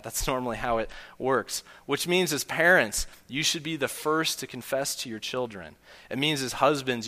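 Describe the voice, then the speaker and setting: A man's voice: medium pitch, sharp tone. A man preaching a sermon in earnest, telling a story to make his point. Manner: earnest, storytelling with acted quotes. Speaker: pastor. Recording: long hall reverb.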